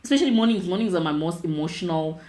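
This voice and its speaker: Lively woman telling stories. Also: lowish voice, rapid-fire, echoey room. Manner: animated, emotional, laughs often. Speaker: nurse specialist guest. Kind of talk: casual storytelling interview.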